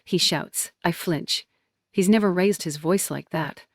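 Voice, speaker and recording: A woman narrating a dramatic first-person story in clipped, tense, emotional sentences. Her voice sits fairly low. The recording is dry and close, with no room around it. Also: slow pace, no room sound.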